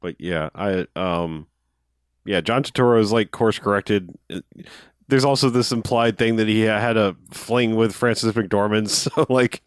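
A man's voice: lowish voice, unhurried, smooth, dry recording, clean studio sound. A man co-hosting a casual movie review podcast, often laughing as he retells scenes, swearing freely. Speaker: podcast co-host.

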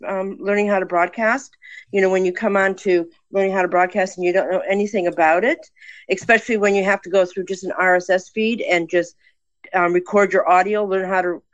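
A woman's voice: medium pitch, fairly bright tone, no echo. An older woman calling into a live podcast, speaking with enthusiastic, rambling energy from a friend's home. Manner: enthusiastic, rambling, self-promoting. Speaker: podcaster guest. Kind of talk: live call-in chat. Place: friends' house with people in the background.

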